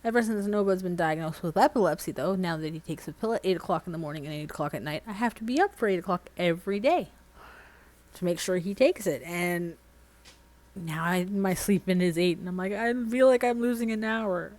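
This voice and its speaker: A woman in her thirties chatting casually on a livestream while doing nails, rambling through animated everyday stories. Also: fairly low pitch, a little fast, poor audio. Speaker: streamer.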